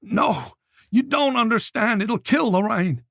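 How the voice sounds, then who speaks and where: A man narrating an audiobook voices a nervous male shopkeeper who is overly polite and quickly flustered. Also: high-pitched, animated, creaky, a bit bright, no echo, clean studio sound, voice pushed up, full character voice. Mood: panicked. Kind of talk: audiobook character voice.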